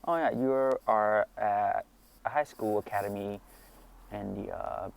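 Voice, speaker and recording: A man voicing a curious female school nurse, speaking softly and asking questions. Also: fairly low pitch, measured pace, creaky.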